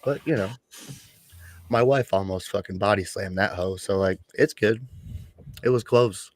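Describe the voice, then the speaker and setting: A man's voice: fairly low pitch, measured pace, no echo. Blunt, profane man telling a story. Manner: blunt, profane, animated retelling. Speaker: podcast co-host and father. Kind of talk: casual chat, storytelling.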